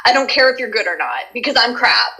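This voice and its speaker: A woman's voice: on the high side, very animated, quick pace, sharp tone, low-quality recording. A Canadian woman with a Canadian accent, a voice actress chatting animatedly as a guest in an interview and laughing often. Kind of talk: casual interview chat.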